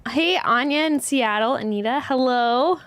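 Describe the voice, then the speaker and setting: Unhurried and fairly bright in tone, this high-pitched woman's voice comes with no room sound. She owns a yarn studio and hosts a casual livestream, chatting, calling out viewers by name one by one, and losing focus a little as she reads comments.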